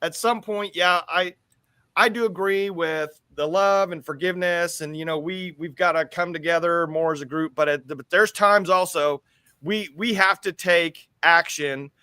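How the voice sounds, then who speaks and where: A man's voice: a little high, normal speed, bright, forceful tone, smooth, no echo. A man from the US co-hosting a casual talk show, rambling and repeating words as he thinks aloud. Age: adult with school-age kids. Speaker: show co-host.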